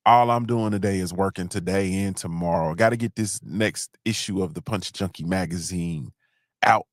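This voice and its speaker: A man hosting a casual podcast chat, rambling loosely through stories and shout-outs and often checking in with "you understand what I'm saying.". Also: sits low, dry recording, studio quality. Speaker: podcast host.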